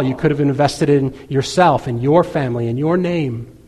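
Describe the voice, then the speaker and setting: A man's voice: mid-range voice, normal speed, a little mellow, breathy edge, long reverb tail. A man in his thirties preaching a sermon in a conversational way, with lots of casual asides. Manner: conversational preaching with many filler 'like's. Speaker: pastor.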